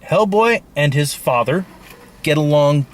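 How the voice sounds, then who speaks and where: Man, co-reviewer, casual chat, dry asides, slightly high voice. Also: lively intonation, measured pace. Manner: short agreeing replies, dry asides.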